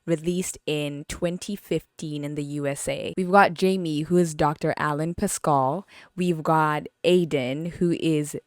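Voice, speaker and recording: Low-voiced, animated woman podcaster. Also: a little slow, dry recording, clean studio sound. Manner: animated, exclaiming, lots of fillers. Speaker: podcast host. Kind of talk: casual movie review chat.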